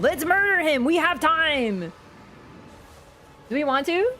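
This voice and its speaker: A young woman streaming a video game, commenting on the action, swearing and getting loud and excitable in fights, blunt when scolding her chat. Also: sits high, slow pace, long pauses, a little hiss or hum. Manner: excitable, swears, shrieks and laughs during fights. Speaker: gaming streamer. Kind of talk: live gameplay commentary. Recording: game music behind the voice.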